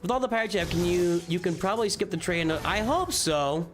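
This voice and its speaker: A man hosts a live stream, chatting loosely and answering viewers as he plays. His voice sits a little on the high side. A clear bed of music runs under his talk. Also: animated, fairly quick. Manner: rambling, answers viewers' questions, off-hand asides. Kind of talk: casual live-stream chat while gaming.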